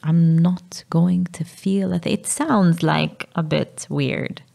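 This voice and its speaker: A Maltese woman in her thirties, speaking candidly as a podcast guest, halting and sometimes dropping to a whisper. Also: on the low side, fairly even intonation, creaky, dark tone. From Malta. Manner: halting, drops to a whisper at times. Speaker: guest, mother.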